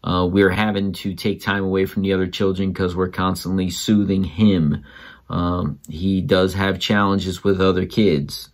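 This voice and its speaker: A father casually telling a story about his child and giving other parents emphatic advice, his voice jumping up when he quotes people. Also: a little slow. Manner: animated, jumps up in pitch when quoting others.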